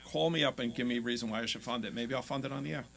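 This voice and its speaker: A man's voice: mid-range voice, racing, gravelly, a bit bright. A male lender guest on a talk radio show, speaking confidently and joking with the hosts. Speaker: guest, real estate lender.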